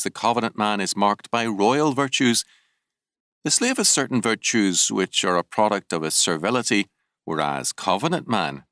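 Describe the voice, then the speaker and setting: Deep-voiced man reading theology aloud. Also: a bit bright, no room sound, studio quality. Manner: measured, deliberate reading with emphatic lifts on key words. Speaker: audiobook narrator. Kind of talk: scripted audiobook narration of a theological text.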